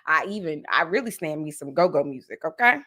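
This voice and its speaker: A woman from New Jersey hosting a casual pop culture podcast, animated and playful, sometimes slipping into jokey made-up song parodies. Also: low voice, fairly quick. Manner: animated, playful, breaks into sung parody bits. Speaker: podcast host.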